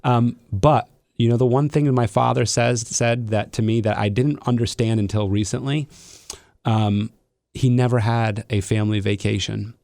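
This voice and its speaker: Male podcast host, middle-aged, gravelly low voice, dry sound, thoughtful and rambling. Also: fairly even intonation, normal speed, darkish tone, dry recording. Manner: reflective, frequent restarts and fillers. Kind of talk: casual interview conversation.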